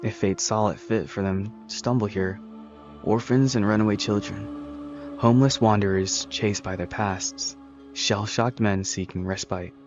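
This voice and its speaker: A man's voice: lowish voice, fairly even intonation, a little slow, muffled recording, over music, lightly acted. A man reading the lines of a starved, bull-headed male monster who serves his new master, in a solemn and servile way. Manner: solemn, servile, plainly spoken.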